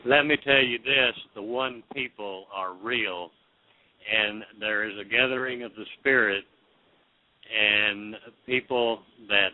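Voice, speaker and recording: A man at a spiritual gathering who speaks in a slow, deliberate, somewhat preachy way. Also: lowish voice, no room sound. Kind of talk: casual chat. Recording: dry, tinny phone line.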